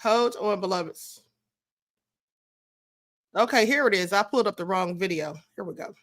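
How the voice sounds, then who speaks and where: A woman's voice: medium pitch, normal speed, a bit bright, no room sound, clean studio sound. A woman hosting a live stream, giving sassy, scolding commentary straight to her viewers. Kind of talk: casual commentary.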